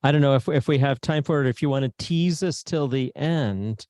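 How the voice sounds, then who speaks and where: A man's voice: mid-range voice, moderate pace, a little mellow, no echo. A man co-presenting an online show, cueing up a video while stumbling and repeating his words.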